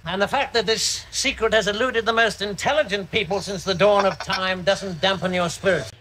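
An actor with a posh English accent playing a sardonic, scheming courtier in a TV sitcom, sarcastic and cutting. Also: male voice, sits high, fairly even intonation, normal speed, bright, forceful tone. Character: sardonic, scheming male courtier, quick and contemptuous.

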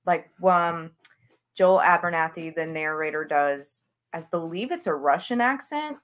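Gushing woman with a low voice. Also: measured pace. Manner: gushing, enthusiastic. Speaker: author guest. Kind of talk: casual interview chat.

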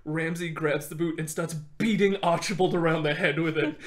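A man hosting a podcast, telling a history story in an animated, casual way and laughing often. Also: on the high side, moderate pace. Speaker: podcast host.

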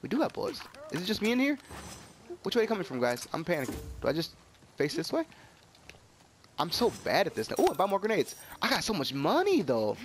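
A young gaming YouTuber with a lively, high-energy voice gives casual commentary on his gameplay at a quick pace, yelping and drifting into chatty stories. He has a cold and coughs now and then, while game gunfire and slight background noise fill the clip.

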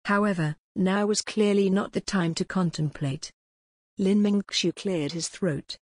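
A woman narrating an audiobook in an even storybook reading. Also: medium pitch, unhurried, dry recording, studio quality. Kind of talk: scripted narration.

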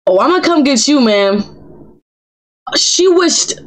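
A woman with a high-pitched, animated voice speaks slowly while streaming a life simulation game, over poor audio. Her live commentary is playful and teasing, and she talks back to the characters in slang.

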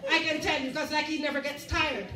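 A woman with a high, bright voice preaches a sermon and tells a story, briefly voicing its people as she goes. She sounds echoey and a little distant, picked up in a church hall with faint room noise behind her. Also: flat delivery, a little fast, soft background music, some chatter behind.

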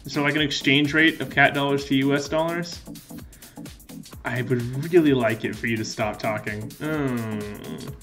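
A man's voice: medium pitch, unhurried, pushed and bright, soft background music. A man giving joking let's-play commentary in a playful, goofy way, answering in mock meows. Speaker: gaming video creator.

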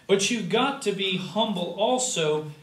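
Male pastor, fairly high voice, slow deliberate sermon delivery with loud bursts and hushed drops; recorded from a distance in an echoey sanctuary. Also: animated, slight background noise. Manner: preaching with sudden loud rises and quiet drops. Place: church sanctuary.

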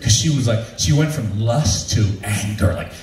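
A man, an actor, telling a comic convention story live on stage and acting out the people in it. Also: moderate pace. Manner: animated, acts out quoted voices with big pitch jumps. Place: large room with a live audience, from far off. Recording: echoey room, distant mic, faint ambience.

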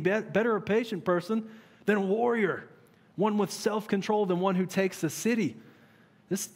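Animated high-voiced man preaching in a hall. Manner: conversational and animated, with rhetorical questions. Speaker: pastor. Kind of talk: sermon. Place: large church hall. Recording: long reverb of a church hall.

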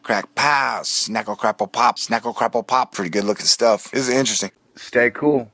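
An excitable man with a slangy, jokey manner, commenting casually over space footage and throwing in playful sound effects. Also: medium pitch, no room sound, clean studio sound. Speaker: host of a space commentary channel.

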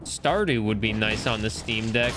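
A man's voice: lowish voice, moderate pace. A young man from Canada chatting casually and rambling self-deprecatingly while streaming a game, a little tired. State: tired, yawning. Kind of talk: casual gameplay commentary. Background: game music.

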